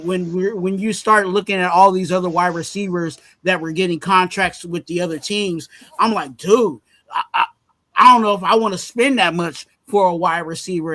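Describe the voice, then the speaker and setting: A man's voice: high voice, bright, forceful tone, no room sound. A man co-hosting a casual sports podcast, starting sentences over and weighing his opinions. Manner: hesitant restarts, measured opinions.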